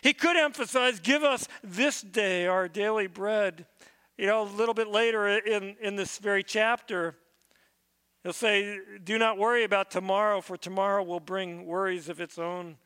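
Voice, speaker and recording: Reading from scripture and then teaching on it earnestly, a male pastor preaches at a normal speed in a high, bright, pushed voice that sounds clear and resonant. He frequently repeats a word as he restarts, and the long reverb of a large room surrounds him.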